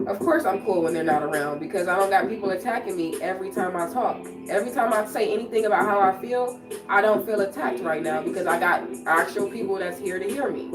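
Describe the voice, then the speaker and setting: A woman's voice: medium pitch, quick pace. Sick woman chatting on a livestream. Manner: chatty, answering comments aloud. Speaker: livestream host. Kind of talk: casual livestream chat with viewers. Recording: echoey room, far from mic, music playing.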